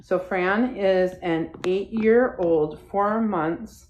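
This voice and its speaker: A woman's voice: medium pitch, drawn-out words, a little mellow, dull audio, a little hiss or hum. A woman hosting a casual live stream, rambling and chatty as she talks to viewers and her dog, recorded on a phone. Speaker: livestream host. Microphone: phone livestream.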